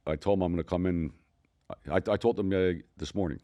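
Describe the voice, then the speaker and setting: Deep-voiced older Philadelphia man, fast and profane. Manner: profane, rambling, animated storytelling. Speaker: podcast co-host telling stories. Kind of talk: casual storytelling.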